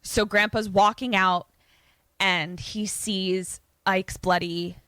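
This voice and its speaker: A woman co-host recaps a film in loose, casual conversation, full of quick asides and amused laughs. Her voice is bright and forceful. The sound is dry and close to the mic. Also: mid-range voice, steady tone, no echo. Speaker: podcast co-host retelling a film. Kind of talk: casual chat.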